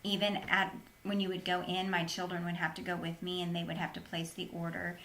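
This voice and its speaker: A woman's voice: on the low side, monotone, fairly quick, fairly bright tone. A woman, an interview guest, recounting a personal story in an earnest, plain-spoken way.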